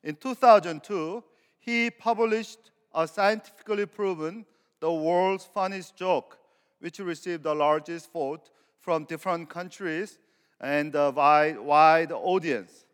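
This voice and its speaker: A man's voice: fairly high pitch, slow pace, smooth. A man preaching a sermon as a pastor, stretching out key words for emphasis. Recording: long hall reverb.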